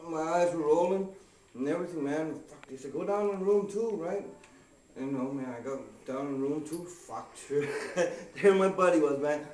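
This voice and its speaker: A man with a fairly high voice spins a rambling personal story, cursing freely and tossing "man" into every other phrase. He sits back from the mic in a roomy, echoing space. A faint hiss runs under his voice. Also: normal speed, darkish tone. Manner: profane, rambling, fills lines with "man". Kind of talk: casual personal storytelling to camera. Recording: echoey room, distant from the mic, faint hiss.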